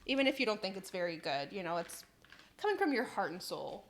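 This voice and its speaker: A woman's voice: mid-range voice, big pitch swings, a little fast, slight background noise. A young woman chatting casually on a live stream, reading out chat messages, laughing often and swearing in passing.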